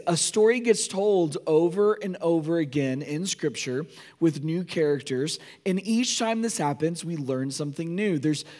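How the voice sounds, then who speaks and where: A hoarse-voiced man pastor preaches a sermon, pitched a little high for a man. He keeps it casual and joking, with plenty of fillers and asides to the crowd. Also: a little mellow. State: hoarse from a cold.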